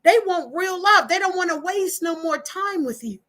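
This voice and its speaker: A woman hosts a live-streamed advice talk. Her voice is high and bright. She preaches emphatically to viewers and circles back over her points. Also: lively intonation, normal speed. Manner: emphatic and preachy, with repeated phrases. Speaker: host of a relationship talk channel.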